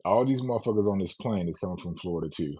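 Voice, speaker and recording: Man, husky, animated profane storyteller, dull lo-fi sound. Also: deep voice, fast. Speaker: podcast co-host. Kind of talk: casual storytelling. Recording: dull lo-fi podcast audio.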